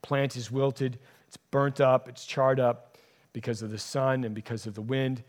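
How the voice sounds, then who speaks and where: A man's voice: medium pitch, little pitch movement, unhurried. Emphatic male preacher in a sermon. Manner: emphatic, repeats key phrases for stress. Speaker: pastor.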